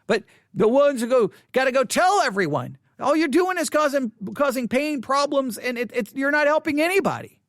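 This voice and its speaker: A man leading a Bible study, teaching in an animated way, often restarting and repeating phrases. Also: very high voice, normal speed, no room sound, clean studio sound.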